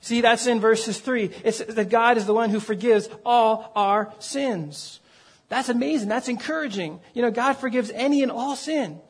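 Man preaching, high voice, earnest, conversational, lots of uh and repeated words. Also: normal speed, slightly rough. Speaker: pastor. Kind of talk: sermon.

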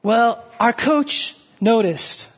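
A man with a high, slightly husky voice delivers a sermon. He tells his story loosely, with restarts and fillers along the way. He sinks to a low, quiet tone when he wants a point to land. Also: expressive, extremely slow. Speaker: pastor.

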